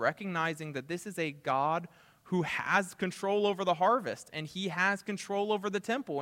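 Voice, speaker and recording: A man preaching a sermon as pastor, earnest, building to emphatic peaks and dropping to soft asides. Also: sits high, big-room sound. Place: church sanctuary.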